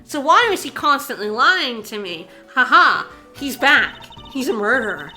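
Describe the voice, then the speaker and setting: A woman streaming a video game, chatting casually with her viewers, excitable and insistent, repeating herself and laughing often. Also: high-pitched, a little slow, soft background music. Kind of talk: casual game commentary to chat.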